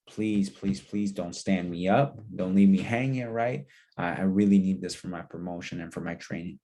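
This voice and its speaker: A man's voice: low voice, dark tone. A man teaching a lesson on booking meetings. He coaches in a repetitive style and acts out both sides of sample phone calls. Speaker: sales trainer. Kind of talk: instructional role-play of phone calls.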